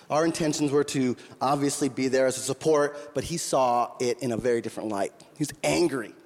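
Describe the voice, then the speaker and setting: This sermon comes from a middle-aged preacher with a Minnesota or North Dakota sound, whose mid-range, darkish voice moves at a normal speed. He tells a story earnestly, often starting his words over, while long hall reverb fills the recording.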